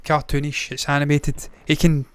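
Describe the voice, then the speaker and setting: A man's voice: a little high, flat delivery, moderate pace, clear, resonant tone, dry recording. Profane, rambling movie-news host, man. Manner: blunt, profane, rambling with tangents. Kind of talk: casual solo commentary.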